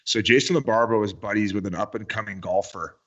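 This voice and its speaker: A man's voice: lowish voice, fast, a bit bright, highs cut off. A man chatting casually on a podcast, hesitant and full of fillers. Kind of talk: casual chat.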